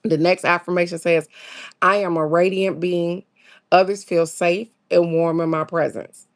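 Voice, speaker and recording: A woman's voice: fairly even intonation, unhurried. A woman, hosting a casual spiritual chat, reading affirmations and greeting viewers, laid-back and musing. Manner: chatty, greets viewers by name, reads affirmations aloud; laid-back, musing, with sudden high exclamations. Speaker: host of a daily card-reading stream.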